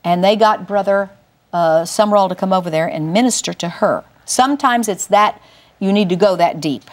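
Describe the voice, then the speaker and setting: An older woman giving a Christian teaching through a personal testimony, telling it emphatically with big swings up in pitch. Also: moderate pace. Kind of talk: testimony-style Bible teaching.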